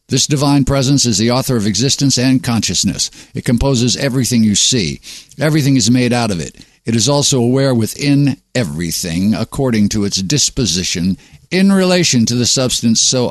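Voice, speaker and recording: A man's voice: mid-range voice, dry recording. Male host, sardonic and preachy monologue, dry close-miked sound. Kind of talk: reading a monologue.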